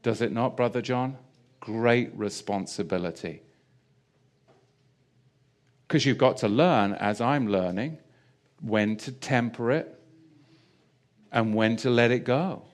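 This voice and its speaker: A man's voice: medium pitch, slow, pauses often. A man preaching a sermon in a chatty, self-deprecating way with jokey asides. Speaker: pastor.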